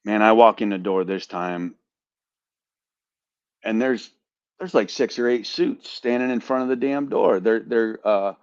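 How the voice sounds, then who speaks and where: An animated man tells a story on a casual podcast, swearing freely and stumbling over repeated words. His voice sits at an ordinary pitch. The recording is dry and a little dull, like a lo-fi mic. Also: a little slow, long pauses, clear, resonant tone, dry recording. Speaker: podcast host, veteran.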